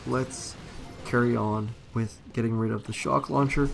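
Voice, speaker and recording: A man's voice: mid-range voice, steady tone, unhurried, vocal fry, slight background noise, poor audio. A young man chatting casually on a game live stream, rambling with many fillers and restarts. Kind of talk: casual live-stream commentary while playing.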